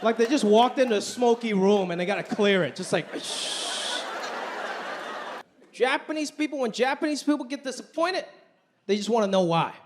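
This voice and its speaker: A man in his thirties performing a stand-up comedy set on a theater stage, animated and acting out family members in exaggerated voices. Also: extremely high pitch, a little fast. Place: large theater stage with live audience. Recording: live show with loud audience noise.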